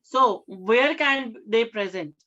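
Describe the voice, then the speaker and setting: A woman science teacher giving a classroom lecture, often pausing to check in with her students and repeating key terms. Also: a little high, bright, forceful tone, highs cut off. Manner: keeps checking with questions, repeats key words.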